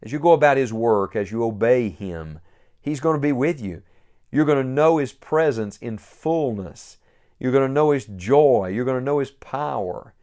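A man's voice: mid-range voice, animated, moderate pace, a little mellow, smooth. A man preaching a sermon, earnest and building to emphatic peaks.

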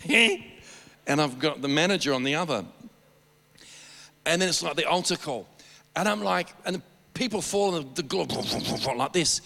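A man preaching a sermon, telling stories in an animated, rambling way with many restarts. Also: a little high, long reverb tail. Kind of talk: storytelling sermon.

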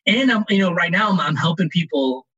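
A man talking casually as an interview guest about loans, animated and rambling with restarts. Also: sits high, fairly quick, husky, dull audio. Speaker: guest, loan advisor.

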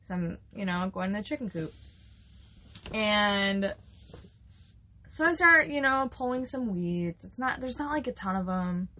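A young woman co-hosting a podcast, telling a farm story in a rambling, casual way with lots of fillers and quick laughs. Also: medium pitch, expressive, pushed and bright, muffled recording. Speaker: podcast co-host, flower farmer.

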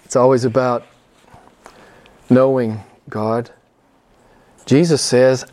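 A man's voice: unhurried, long pauses, a little mellow. Emphatic preaching man. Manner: emphatic, rising high when quoting others; asks the congregation questions. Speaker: pastor. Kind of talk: sermon.

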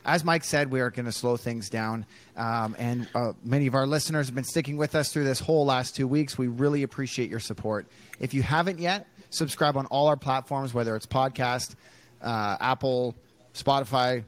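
A man's voice: medium pitch, normal speed. A man co-hosting a podcast in a loose, casual way, with many fillers. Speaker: podcast co-host.

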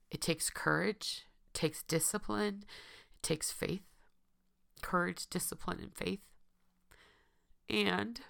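A woman with a low, heavily gravelly voice, hoarse and tearful. She speaks earnestly to her listeners as a podcast host and recovery coach, repeating phrases over and over for emphasis. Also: bright, forceful tone. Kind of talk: heartfelt personal address to listeners.

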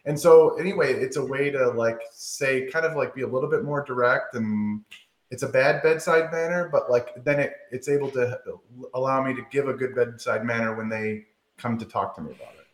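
A man's voice: medium pitch, moderate pace. A man who is a doctor, a podcast guest chatting casually in a laid-back, self-deprecating way and laughing easily. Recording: roomy echo.

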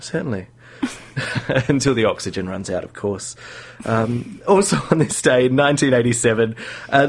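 A man hosting a casual radio science show, chatty, laughing often and using plenty of fillers. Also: medium pitch.

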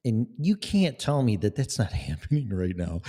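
A man's voice: lowish voice, animated, normal speed, hardly any pauses, darkish tone. A man delivering a profane, sarcastic political rant as a vlogger. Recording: long echoing reverb.

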